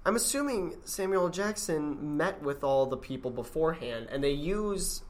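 A man's voice: a little high, expressive, normal speed. A man in casual movie chat, talking loosely with lots of fillers and questioning plot holes. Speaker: podcast co-host.

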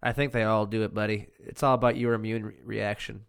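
A man's voice: fairly low pitch, little pitch movement, fast, creaky, clear, resonant tone. Worn-out man co-hosting a casual podcast. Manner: loose, crude, joking, trails off and restarts. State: worn out and tired. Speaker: podcast co-host. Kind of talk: casual chat.

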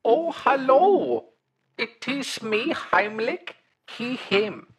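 A man doing a high-pitched pompous mushroom creature. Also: sing-song, extremely slow, breathy edge, exaggerated voice, rough recording. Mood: grandiose. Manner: formal, grandiose speech. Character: pompous male mushroom creature, hungry for power. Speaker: caller.

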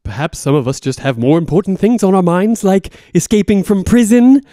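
A man's voice: high-pitched, very animated, brisk, warm tone, dry recording, clean studio sound, voice pushed up. A man voicing a pompous, condescending older prison escapee who talks in mannered euphemisms. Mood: haughty.

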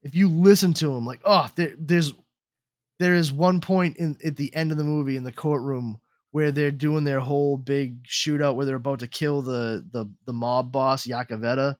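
A man's voice: mid-range voice, steady tone, normal speed, dry recording, clean studio sound. A man hosting a podcast in casual chat, rambling with lots of swearing and trailing off mid-sentence. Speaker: podcast host.

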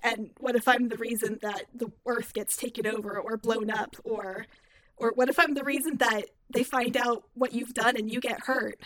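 Woman playing an anxious young hacker, bright and a little high, dry close sound. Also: fairly even intonation, normal speed, no echo, natural voice. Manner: nervous, breathless worrying.

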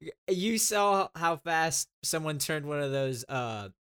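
A man co-hosting a casual chat, excitable and laughing a lot, swearing freely. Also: on the high side, takes it slowly, clean tone, dry recording, studio quality. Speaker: podcast co-host.

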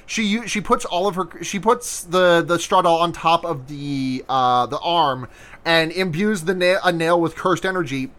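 Rambling man with a higher voice. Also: normal speed, fairly bright tone. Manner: rambling, many "like" fillers and restarts. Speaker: podcast co-host. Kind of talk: casual anime episode recap chat.

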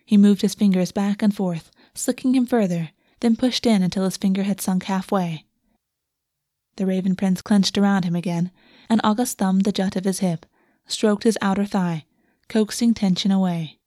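Woman softly narrating a romance. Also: medium pitch, steady tone, normal speed, dry recording, studio quality. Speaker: audiobook narrator. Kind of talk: scripted narration.

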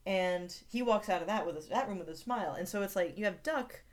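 A woman's voice: medium pitch, fairly quick. A woman co-hosting a podcast in casual chat, talking in a chatty way with lots of filler words. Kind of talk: casual chat recapping a TV episode.

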